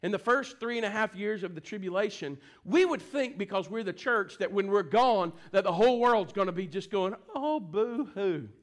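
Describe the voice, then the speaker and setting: A man preaching a sermon, telling stories and swinging between quiet, hushed passages and forceful, raised declarations. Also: sits high, a little fast, hardly any pauses. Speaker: pastor.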